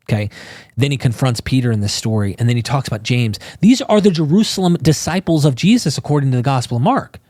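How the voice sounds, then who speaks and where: A man talking casually as a podcast guest, animated and informal, acting out quotes in exclaiming voices. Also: medium pitch, quick pace, no room sound, studio quality. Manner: casual, swears and says bro.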